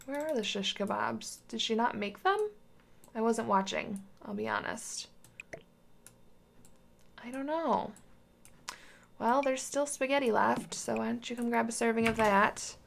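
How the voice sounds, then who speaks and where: A woman's voice: fairly high pitch, measured pace, pauses often, a little hiss or hum. A woman casually commenting on a life simulation game, coaxing and scolding the characters as if they were toddlers. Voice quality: gravelly vocal fry. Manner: chatty, talks to game characters like small children. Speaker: gaming channel host.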